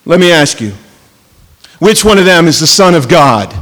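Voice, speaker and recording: A man giving a sermon as a pastor, mixing casual storytelling and jokes with emphatic preaching, slowing down to stress key words. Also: fairly high pitch, very animated, a bit bright, big-room sound. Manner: conversational storytelling with jokes and asides.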